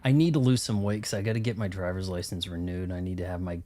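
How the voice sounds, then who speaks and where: A man's voice: sits low, fairly even intonation, fast talker, mellow. A young man streaming a video game live, chatting casually with viewers in a rambling, self-mocking way. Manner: rambling, self-deprecating, talks to chat.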